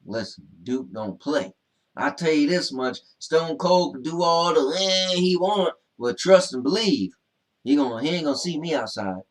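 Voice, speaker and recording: A man's voice: a little high, expressive, normal speed, close to an everyday voice. A man playing Duke, a brash, boastful Southern man with a Southern US accent, co-hosting a comedy show and bragging through the viewer comments. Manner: boastful, blustery, laid-back drawl. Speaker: co-host. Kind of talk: comedic character chat reading comments.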